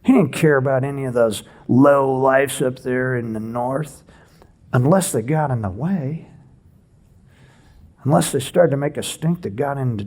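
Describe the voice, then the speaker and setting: A man delivers an expository sermon in a church, with a mid-range voice and a faint huskiness. He teaches in a relaxed, conversational way and keeps tossing rhetorical questions at his listeners. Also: mid-range voice, breathy edge. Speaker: pastor.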